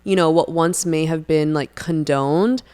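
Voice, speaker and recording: A young woman talking casually about her faith on a podcast, lively and storytelling, often acting out what her friends said. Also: low voice, measured pace, smooth. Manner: animated storyteller who acts out friends' lines. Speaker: podcast co-host.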